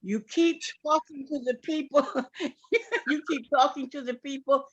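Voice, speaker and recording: A woman with a New York accent giving an excited, repetitive, rambling testimonial on a group phone call. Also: sits high, measured pace. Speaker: distributor on a sales call.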